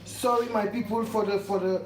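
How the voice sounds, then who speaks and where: Talking a little fast in a steady, mid-range voice, a woman runs a live cooking stream from her home kitchen. She's effusive and repetitive, urging viewers again and again to subscribe. The recording is echoey with faint household noise in the background.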